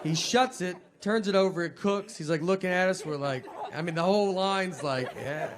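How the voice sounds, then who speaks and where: Deadpan man telling stand-up stories. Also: high voice, a loud crowd. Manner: slow deadpan storytelling with drawled fillers. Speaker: stand-up comedian. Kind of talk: stand-up comedy routine. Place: comedy stage before a laughing audience. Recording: live show with audience noise.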